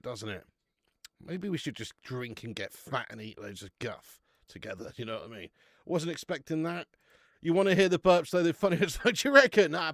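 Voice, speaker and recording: Young male streamer, casual and banter-heavy, animated delivery, dry close sound. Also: mid-range voice, no echo. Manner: chatty, banters with viewers, swears casually. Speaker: live-stream beer reviewer. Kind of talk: casual live-stream chat.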